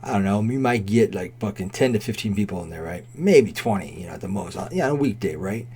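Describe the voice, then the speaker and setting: A man's voice: lowish voice, lively intonation, quick pace, mellow, husky. A man in his forties telling a rambling, profanity-laden story in a casual way, with constant "right?" and "like". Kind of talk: casual spoken anecdote.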